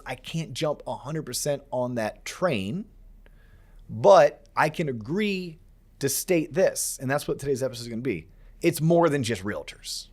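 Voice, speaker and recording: A man's voice: a little high, darkish tone. A man hosting a casual podcast, talking emphatically and acting out conversations he quotes. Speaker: podcast host.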